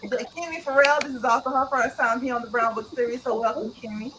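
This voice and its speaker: A woman's voice: on the high side, fairly even intonation, fast talker, background noise. A woman hosting an online author livestream in a playful, laughing, slangy chat style, greeting viewers one by one.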